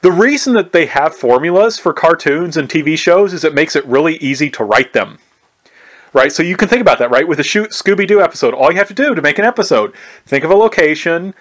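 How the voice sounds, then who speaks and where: Man, history professor, recorded lecture, conversational, fairly high pitch, frequent restarts. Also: lively intonation, fairly quick. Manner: conversational, repeats "right?" often; restarts and stumbles often.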